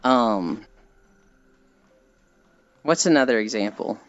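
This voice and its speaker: A woman's voice: very deep voice, expressive, takes it slowly, no echo, dull audio, faint music behind. Giggly, rambling woman streamer. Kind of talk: casual chat while walking.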